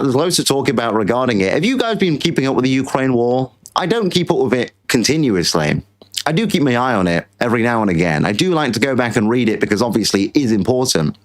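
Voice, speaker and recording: A British man hosting a political show, ranting in casual commentary and repeating himself. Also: medium pitch. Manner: ranting, repetitive, mocking put-on voices. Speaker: show host.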